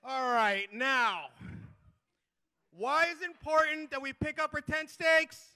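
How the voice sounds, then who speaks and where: A man giving a lively conference talk as a restoration manager, rallying the audience with chants and quick asides. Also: very high voice. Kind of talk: energetic presentation with crowd call-and-response. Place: conference hall before a live audience.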